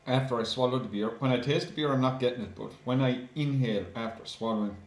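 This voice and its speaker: Man, mid-pitched, casual chatty reviewer, hesitant fillers, echoey room. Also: fast. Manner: chatty, addresses viewers as guys, many ums. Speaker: beer reviewer. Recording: roomy echo.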